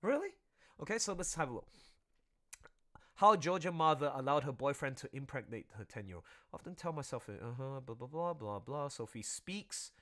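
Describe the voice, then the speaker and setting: Man, casual stream chat, rambling, lively swinging pitch, artist talking while drawing. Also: normal speed. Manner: rambling, animated commentary.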